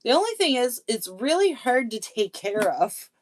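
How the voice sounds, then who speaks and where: A woman's voice: fairly high pitch, big pitch swings, normal speed. A woman live streaming in casual chat. She is chatty and self-deprecating, and she laughs often.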